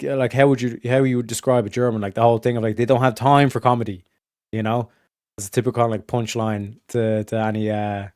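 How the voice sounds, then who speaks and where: A man in the middle of a loose monologue on his stream, swearing freely and padding his talk with "like" and "you know." His voice sits at an ordinary pitch and is recorded close and dry, with no room sound. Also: a little mellow, no room sound. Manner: profane, filler-heavy, restarts often; swings from emphatic to low muttered asides. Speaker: streamer hosting a study session. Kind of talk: casual rambling monologue.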